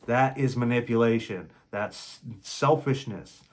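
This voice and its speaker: Man, young adult, blunt and heated, casual storytelling monologue, mid-pitched voice. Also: normal speed. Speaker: relationship talk channel host.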